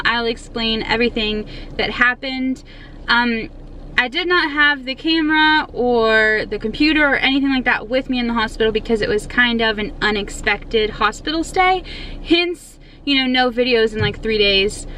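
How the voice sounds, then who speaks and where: A woman's voice: on the high side, pushed and bright, a little hiss or hum, low-quality recording. A young woman and mother talking casually to her viewers in a family vlog, chatty and full of loose asides. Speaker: vlogger and mother.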